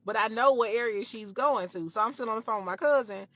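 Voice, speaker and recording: A woman's voice: on the high side, fast talker, fairly bright tone, no echo, lo-fi sound. A young woman telling a story from her own life, emphatic and profane, often repeating her phrases. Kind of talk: storytime retelling.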